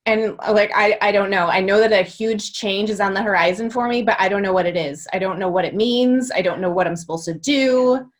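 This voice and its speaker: Woman guest, 30s, chatty and casual, peppers her talk with fillers, mid-pitched. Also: fairly quick, hardly any pauses. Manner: chatty, uses many fillers like "like". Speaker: podcast guest, former boutique owner. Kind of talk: casual interview conversation.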